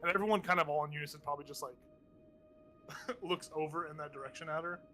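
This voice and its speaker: A relaxed male game master describing scenes in a tabletop game, loose and full of "like" and "um". His voice is a touch higher than most men's, and faint music plays behind him. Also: quick pace. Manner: casual, filler-heavy, laughs often.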